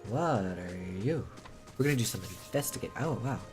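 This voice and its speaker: A man streaming a role-playing game, reading its text aloud and reacting with excited swearing. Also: mid-range voice, moderate pace, faint music behind. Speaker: gameplay streamer.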